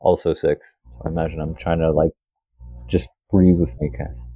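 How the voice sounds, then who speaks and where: A man in a tabletop game who talks casually, haltingly repeating his words. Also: extremely low pitch, flat delivery, mellow, breathy edge, no echo. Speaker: player. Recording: dull, dry close mic.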